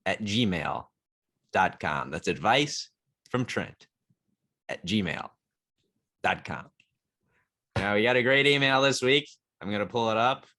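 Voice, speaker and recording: A man's voice: on the low side, bright, forceful tone. A man hosting an advice podcast, chatting casually and joking, laughing often. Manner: laughs often, jokey and upbeat. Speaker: podcast host.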